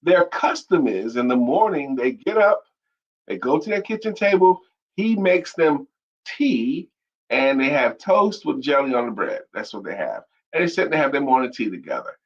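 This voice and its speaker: A man co-hosting a casual talk show with his wife, a playful, teasing storyteller with a husky voice. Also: medium pitch, big pitch swings, normal speed, lo-fi sound. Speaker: co-host.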